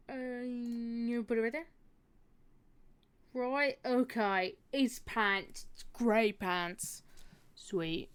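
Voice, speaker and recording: Slow-talking, smooth-voiced woman streamer. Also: on the high side. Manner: rambling, filler-heavy self-talk. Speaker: art streamer. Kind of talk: casual chat while drawing.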